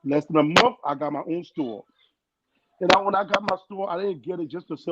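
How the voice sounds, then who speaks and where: A young man with a foreign accent tells his story on a podcast, earnest and animated, acting out the people he quotes. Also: high voice, brisk. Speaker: guest. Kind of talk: casual storytelling. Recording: dull lo-fi sound with loud noise.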